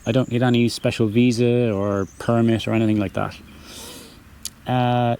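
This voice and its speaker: A relaxed young man with a Dublin Irish accent and a mellow, warm voice. He chats casually through viewer questions and corrects himself as he goes. His pitch sits in an ordinary middle range. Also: moderate pace, clear, resonant tone. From Ireland. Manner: easygoing, rambling, self-correcting. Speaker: channel host answering viewer questions. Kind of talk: casual chat.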